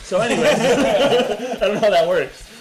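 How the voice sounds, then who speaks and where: A man's voice: high voice, moderate pace, soft background music, low-quality recording. A man co-hosting a podcast, telling a story in casual chat and swearing freely. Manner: animated, swearing, laughing storyteller. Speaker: podcast co-host.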